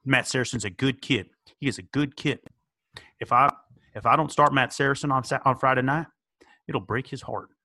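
A man impersonating an earnest, fatherly high school football coach who speaks in a sincere, measured way. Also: gravelly, sharp tone, no echo, studio quality.

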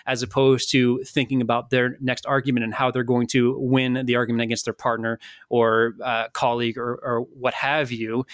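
A man's voice: mid-range voice, no room sound, clean studio sound. A man hosting a podcast interview, asking long, thoughtful questions with frequent restarts. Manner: thoughtful, halting, many restarts. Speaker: podcast host.

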